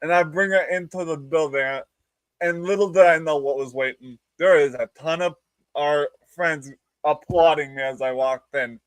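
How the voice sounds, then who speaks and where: A man with a somewhat high voice tells stories in a casual chat, laughing between lines and switching into squeaky voices to quote people. The sound is dry and close. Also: normal speed, no room sound. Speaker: guest. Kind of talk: casual storytelling.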